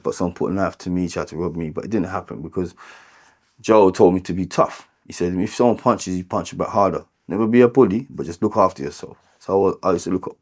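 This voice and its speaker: A man with a London accent and a low, deep voice recounts his life story. His telling is candid and unpolished, full of restarts, repeated words and casual "like"s. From London, England. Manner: halting, repeats words and restarts, many filler "like"s.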